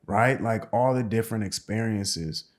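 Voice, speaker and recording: A man hosting a podcast, asking questions in a relaxed, affirming way with plenty of slang. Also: lowish voice, moderate pace. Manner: relaxed, affirming, says bro a lot. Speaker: podcast host. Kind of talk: casual interview chat.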